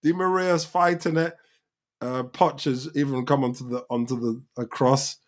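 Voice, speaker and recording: Excitable football fan reacting live. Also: male voice, medium pitch, normal speed. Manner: excitable, shouts at players on screen. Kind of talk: live match reaction commentary.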